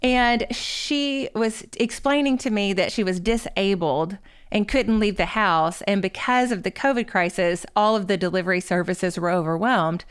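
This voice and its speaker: Candid woman in her forties, smooth voice. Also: mid-range voice, moderate pace. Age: 40s. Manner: candid, self-deprecating storyteller. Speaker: guest author. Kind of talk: podcast interview storytelling.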